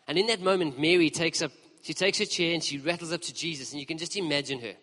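A preacher telling a story in a sermon, lively and conversational as he speaks to the congregation in a church hall. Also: on the high side, fast, hardly any pauses. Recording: long reverb of a large hall.

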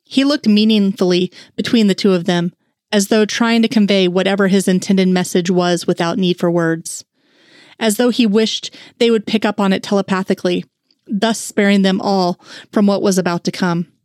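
A woman reading fan fiction aloud in a steady storytelling narration. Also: mid-range voice, normal speed, no room sound, clean studio sound.

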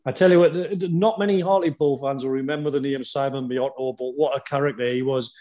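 A man, a former footballer who hosts the chat, telling animated anecdotes and chuckling often. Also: mid-range voice, quick pace. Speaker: podcast host and former footballer. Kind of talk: casual storytelling chat.

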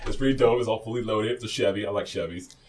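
A man co-hosts a studio podcast in an animated, rambling way, ribbing his partner as he talks. His voice sits on the low side, and the mic catches it from a little way off. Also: fast talker, distant mic. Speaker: podcast co-host. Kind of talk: casual podcast chat.

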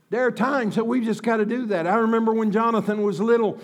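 Male preacher, very high and gravelly voice, fervent shouted sermon with folksy asides. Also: fairly even intonation, fast, hardly any pauses.

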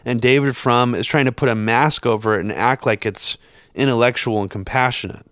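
A man's voice: medium pitch, brisk, a bit bright, no room sound, clean studio sound. A man co-hosting a political podcast, blunt and rambling, cursing as he argues. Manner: blunt, rambling with restarts and swearing. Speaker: podcast co-host. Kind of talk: casual political chat.

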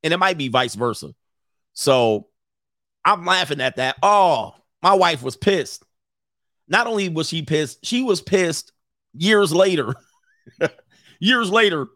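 A man's voice: a little high, animated, measured pace, pauses often, a bit bright, no echo. Joking man in his forties, dry sound. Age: 40s. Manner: joking, rambling, laughs often. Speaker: dating and relationship coach. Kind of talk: casual livestream chat.

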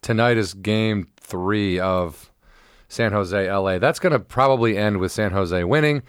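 Excitable rambling man, dry close mic. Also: lowish voice, measured pace, clear, resonant tone, no room sound. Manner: rambling, excitable, bursts into shouted impressions. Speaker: podcast co-host. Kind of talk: casual chat.

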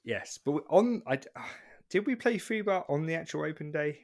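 A man's voice: a little high, lively intonation, normal speed. A man co-hosting a casual chat, rambling through stories with plenty of ums and restarts. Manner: rambling, many fillers and restarts.

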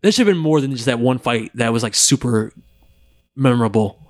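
A man hosting a podcast in casual chat, playful and animated, often laughing. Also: medium pitch, brisk. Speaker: podcast host.

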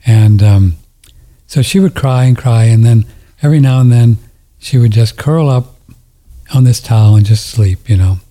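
A man's voice: mid-range voice, moderate pace, warm tone. A man telling a story in a casual chat on a studio mic, rambling, emotional and tender, often laughing.

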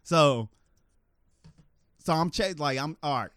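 A man telling a story animatedly in casual podcast chat, laughing and acting out quotes in a higher voice. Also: lively intonation, slow, fairly bright tone, clear, resonant tone. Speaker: podcast co-host.

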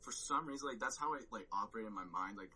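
A man's voice: lowish voice, expressive, quick pace, sharp tone, slight background noise, rough recording. A man telling a story on a podcast, rambling with lots of "like" and swearing and acting out his own reactions. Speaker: podcast guest. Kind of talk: casual storytelling chat.

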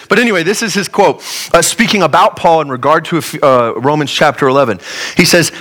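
A man preaching a sermon in an earnest, conversational way, his voice sitting a little higher than most men's. He is from Colorado and moves from easy asides into emphatic, rising lines and then drops low again. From Colorado, USA. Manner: earnest, conversational preaching with wide swings in pitch and loudness. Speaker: pastor.

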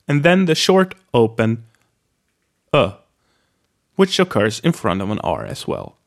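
A man's voice: medium pitch, very animated, a little slow. A man from Sweden, a native Swedish speaker, teaching a pronunciation lesson with careful enunciation and repeated example words.

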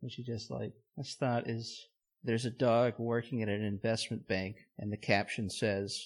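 A man's voice: medium pitch, level tone, normal speed. Easygoing man riffing in casual banter. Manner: joking, acts out characters. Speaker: podcast co-host. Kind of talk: casual chat recapping a TV episode.

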